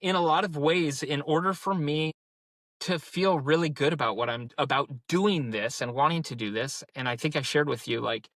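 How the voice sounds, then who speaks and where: A man's voice: fairly high pitch, normal speed, a bit bright, no room sound. A man in his thirties co-hosting a podcast, talking in a casual, rambling way and telling stories full of "like" fillers. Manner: rambling storyteller, many "like" fillers. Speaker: podcast co-host. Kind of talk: casual conversation.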